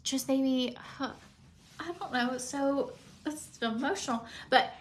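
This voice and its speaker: Speaking slowly in a high-pitched voice, this woman around forty chats loosely while applying makeup at home. She sounds tearful and emotional, occasionally sinking to near-whispers, in the style of a makeup vlogger.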